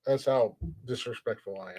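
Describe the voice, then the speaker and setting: A man's voice: mid-range voice, moderate pace, warm tone. A man from the United States hosting a comedy podcast, chatting casually and playfully, teasing and mocking himself. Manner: playful, joking, self-mocking. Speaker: podcast host.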